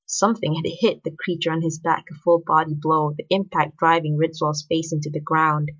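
Low, husky woman narrating a story. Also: flat delivery, brisk. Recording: dull lo-fi recording.

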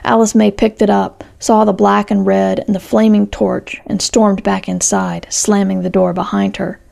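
Woman, story narrator, steady measured reading, heavily gravelly voice, mellow dark tone. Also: mid-range voice.

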